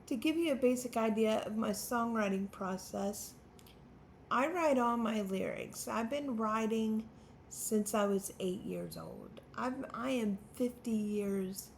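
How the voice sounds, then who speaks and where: A woman's voice: fairly high pitch, creaky, slight background noise. A woman in her fifties, a songwriter hosting her own channel, talking unscripted to the camera in a nervous, stammering, self-deprecating way. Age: 50s.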